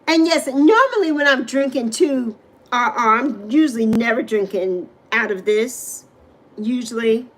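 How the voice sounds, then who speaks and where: A woman from the Bronx, New York, raised on Saint Croix, hosts a casual livestream, reading comments and greeting viewers by name in a rambling, friendly way. She has a New York accent, and her voice is on the high side, animated, unhurried, and fairly bright.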